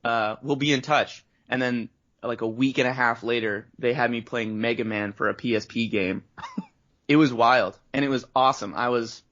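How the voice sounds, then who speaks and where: A Canadian man, a guest voice actor in a casual interview, rambles through stories of how he got started, imitating the people he quotes. His mid-pitched voice is steady, a bit bright, and moves at a moderate pace. The audio is dull and lo-fi.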